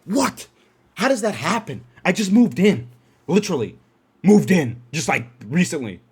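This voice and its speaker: A young man tells a rambling story as a podcast host, swearing freely. His voice sits a little higher than most men's and keeps jumping up into loud, excited bursts before dropping back to a low, muttered aside. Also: normal speed, slightly rough. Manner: animated, profane, swings into loud excited outbursts. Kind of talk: casual storytelling.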